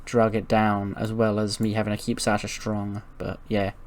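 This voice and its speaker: A man's voice: fairly low pitch, monotone, moderate pace. Casually swearing man narrating a game. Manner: swears freely, laughs, rambling. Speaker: gaming channel host. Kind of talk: casual let's-play narration.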